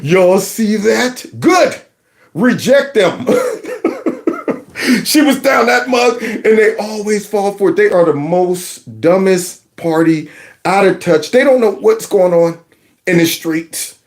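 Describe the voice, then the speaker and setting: A man's voice: high-pitched, lively intonation, takes it slowly. A man hosting a reaction commentary channel, mocking and sarcastic with laughing asides.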